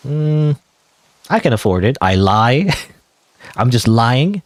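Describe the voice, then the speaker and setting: Young male let's-player, rambling and chatty, lively pitch. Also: a little slow, long pauses, no room sound. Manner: rambling, chatty, many fillers. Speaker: gamer. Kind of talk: let's play commentary.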